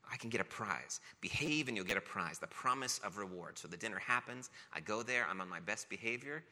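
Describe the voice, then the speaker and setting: Bright-voiced male pastor in echoing hall. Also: fairly low pitch, lively intonation, brisk, hardly any pauses. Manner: storytelling with playful self-mockery. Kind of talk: sermon. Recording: long reverb of a large hall.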